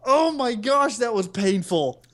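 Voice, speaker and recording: An excitable man co-hosting a casual podcast about movies. His voice jumps around a lot in pitch and he laughs often as he talks. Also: a little slow. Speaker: podcast co-host. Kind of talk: casual movie-review chat.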